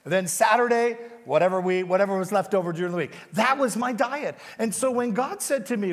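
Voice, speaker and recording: A man delivers a sermon in a church, his fairly high voice carrying through a long hall reverb. He tells stories with animation and coaxes his congregation to lean in. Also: a little fast, hardly any pauses. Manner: animated storytelling, coaxing the congregation. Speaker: guest pastor. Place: church sanctuary.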